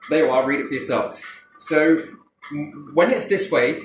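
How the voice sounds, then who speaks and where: A man hosting a casual chat, rambling and swearing now and then, often checking in with a quick "yes?". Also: on the high side. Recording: echoey room, faint noise.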